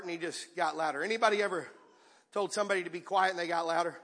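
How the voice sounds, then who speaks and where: A man, a pastor, preaching an impassioned sermon that rises to shouts and calls out to the congregation. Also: high-pitched, fairly even intonation, fast, big-room sound. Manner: impassioned, rising to shouts with audience call-outs. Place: church sanctuary.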